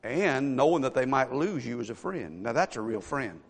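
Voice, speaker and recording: A man preaching a sermon as a pastor, telling a story with animated asides and rhetorical questions to the congregation. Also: medium pitch, normal speed, breathy edge. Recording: echoey church hall.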